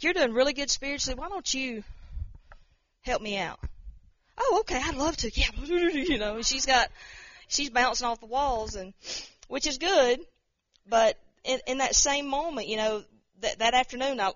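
Here the testimony comes in a higher, fairly bright voice, loose and rambling, with repeated words and acted-out voices for the people she quotes. The audio has no echo but lacks the top end.

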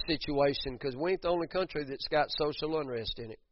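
A man's voice: on the high side, brisk, few pauses, no echo. A man preaching a sermon, building to emphatic bursts and repeating words as he goes. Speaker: pastor. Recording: dull muffled sound, dry.

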